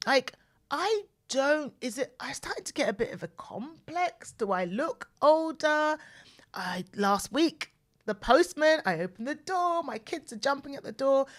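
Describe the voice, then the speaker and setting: Animated woman telling stories. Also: high-pitched, measured pace. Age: 40s. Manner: animated, repeats phrases for emphasis. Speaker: podcast host. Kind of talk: personal storytelling monologue. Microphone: mic close to the mouth.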